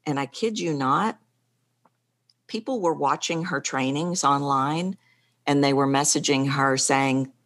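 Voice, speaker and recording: A woman's voice: low voice, unhurried. A woman speaking as a vocal coach in an interview, talking animatedly and acting out the voices in her examples. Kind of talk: conversational interview.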